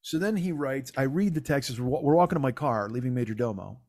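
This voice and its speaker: A man's voice: medium pitch, lively intonation, quick pace, a little mellow, dry recording, studio quality. A man hosting a podcast, telling a comic story in a profane, exasperated, self-mocking way. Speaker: podcast host.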